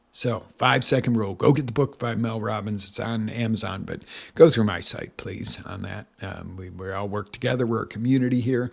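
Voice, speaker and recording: A man's voice: lowish voice, a little fast, vocal fry, hardly any pauses, slightly rough. A man coaching a listening audience, talking with energy and emphasis as he tells a story. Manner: energetic, emphatic, tells stories with acted quotes. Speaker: life coach. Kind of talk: motivational talk.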